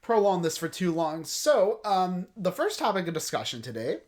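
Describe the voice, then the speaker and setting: A man's voice: high voice, sing-song, normal speed, darkish tone. A man hosting a casual podcast chat, tired and laid-back, who chuckles often and uses lots of fillers. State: tired, yawning. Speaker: podcast host.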